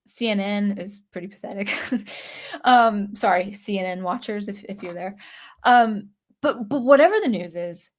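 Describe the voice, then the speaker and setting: A channel host in her thirties chats casually on a livestream, reading viewers' comments aloud at a moderate pace in a medium-pitched voice. Allergies leave her voice weak and thick with phlegm. She rambles, hesitates and often restarts her sentences.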